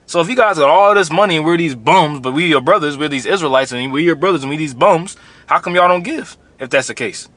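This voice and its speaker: A man's voice: fairly high pitch, fast, a bit bright, dry recording. A man giving a blunt, confrontational preaching commentary, often repeating phrases as he builds his point. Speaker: religious commentator.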